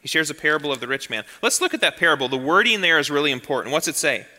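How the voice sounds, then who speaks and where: A man preaching a sermon as a pastor, emphatic and swinging to soft, low tones. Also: expressive, very fast. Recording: long reverb of a large hall.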